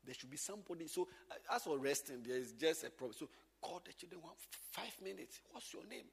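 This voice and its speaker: A man's voice: fairly high pitch, a little fast, creaky, breathy edge, big-room sound. A man, teaching church workers in an emphatic, repetitive way. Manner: animated, emphatic, repeats points.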